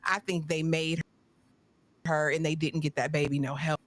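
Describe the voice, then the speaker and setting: A woman guest on a live-stream discussion, joining over a video call. She speaks emphatically and deliberately, pressing her points. Her voice is lower than most women's. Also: level tone, no echo. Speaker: guest co-host. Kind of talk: live-stream casual chat.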